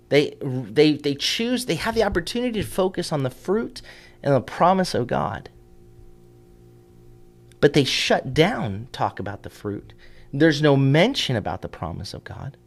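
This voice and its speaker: A man's voice: fairly high pitch, vocal fry. A man teaching scripture as a rabbi, explaining in a conversational way with fillers and restarts. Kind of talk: Bible teaching.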